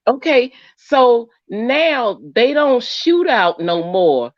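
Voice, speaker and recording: A woman's voice: on the high side, drawn-out words, no echo, highs cut off. A woman co-hosting a casual livestream chat, telling stories playfully and joking as she explains. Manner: playful, expressive storyteller, drawls and jokes.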